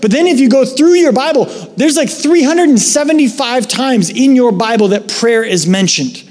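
A man preaching a sermon as a pastor, conversational and animated as he tells a story. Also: very high voice, moderate pace, long reverb tail. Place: church sanctuary.

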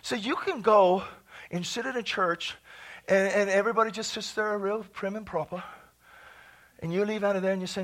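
A man preaching a charismatic sermon in a church, exuberant, bursting into shouts and laughter between calmer teaching. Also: high-pitched, a little fast. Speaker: pastor.

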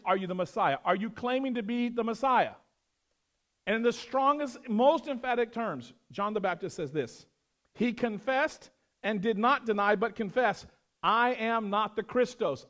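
A middle-aged man preaching a verse-by-verse sermon, swinging from loud emphatic lines to quiet, dropped asides. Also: high voice. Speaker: pastor.

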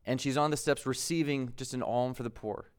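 A man's voice: mid-range voice, a little fast, smooth. A man in his thirties from the United States, preaching a conversational sermon as pastor, laughing at himself now and then.

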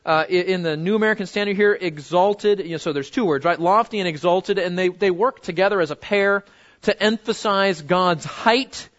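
A man teaching a Bible lesson in a conversational way, often repeating words and slowing down to stress key phrases. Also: high voice, fairly bright tone, muffled recording.

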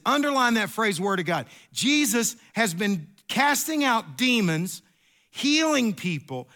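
A middle-aged man, preaching a sermon in an animated, storytelling way with asides and repeats. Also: high-pitched. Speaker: pastor.

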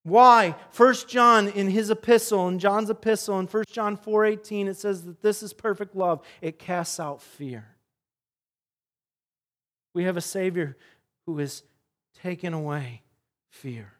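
A male pastor with a notably high voice delivers an animated sermon. He tells the story vividly, rising loud and then dropping to a quiet intensity. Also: a little slow. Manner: animated storytelling, swings between loud and soft.

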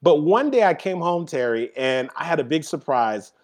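On a podcast interview, a guest speaker recounts something from his own life at normal speed, his voice a little high. He brings the tale to life by performing the quotes and voices of the people involved.

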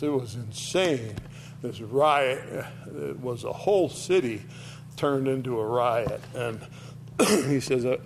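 A man giving an informal Bible teaching, retelling the scripture in lively storytelling and acting out the quoted voices. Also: mid-range voice, a little hiss or hum.

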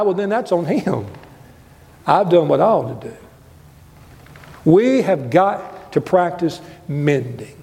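An older man preaching a sermon as a guest preacher in a church, impassioned, swinging between loud highs and quiet lows. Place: church sanctuary. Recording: long reverb of a church hall.

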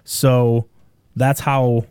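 A man with a Midwestern American accent, a podcast guest telling a long story in a rambling, animated way with many restarts. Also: mid-range voice, drawn-out words, clear, resonant tone, dry recording, studio quality. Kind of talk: casual storytelling.

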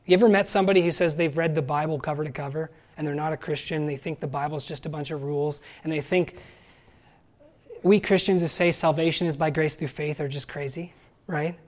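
A man giving a sermon, lively and conversational, acting out quoted voices and asking the listeners questions. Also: on the high side, brisk. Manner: animated, acts out quoted voices. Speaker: pastor.

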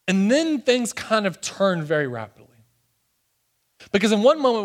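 A man preaching a sermon, swinging between excited, loud stretches and hushed, soft ones. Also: high voice. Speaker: pastor.

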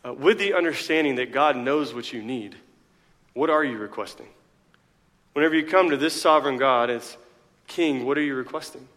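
A man's voice: mid-range voice, moderate pace, fairly bright tone, in a large hall. A male pastor preaching a sermon in a conversational way, full of rhetorical questions and joking asides.

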